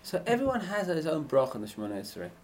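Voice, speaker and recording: A man giving an informal Torah class on prayer, often asking his listeners questions and swinging between loud and hushed speech. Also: on the high side, rapid-fire. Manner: animated, swings from loud chanting to hushed near-whispers. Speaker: Torah teacher.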